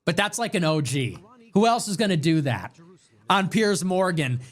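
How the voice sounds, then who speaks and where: A man's voice: on the high side, animated, normal speed. A man hosting a livestream, brash, profane and swaggering as he tells boastful stories. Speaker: livestream host.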